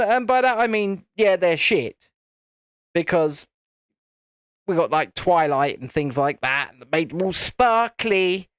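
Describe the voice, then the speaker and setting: Lively chatty man. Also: high-pitched, clean tone, no echo. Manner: chatty, laughs often, mild swearing, restarts. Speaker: host. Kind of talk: casual live-stream chat while building.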